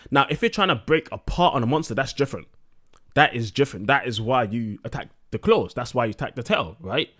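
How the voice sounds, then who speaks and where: A man's voice: medium pitch, a bit bright. A young man streaming live, talking a little drunk with slightly slurred words and ranting bluntly with plenty of swearing.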